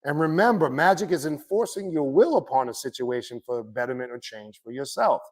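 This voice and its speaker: A man with a medium-pitched voice speaks fairly quickly, teaching his viewers about the occult. The lecture comes across as a blunt, profane, animated rant full of passion.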